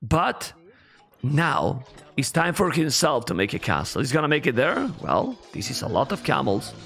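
Excitable Spanish-accented man casting a game. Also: medium pitch, normal speed, creaky, soft background music. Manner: excitable, reacts loudly to viewers. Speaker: esports caster. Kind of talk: live game commentary.

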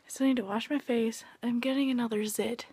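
A woman's voice: on the high side, steady tone, fairly quick, warm tone, husky, dry recording. A young woman vlogging at home late at night, venting her frustration, swearing and often dropping into a whisper. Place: at home indoors.

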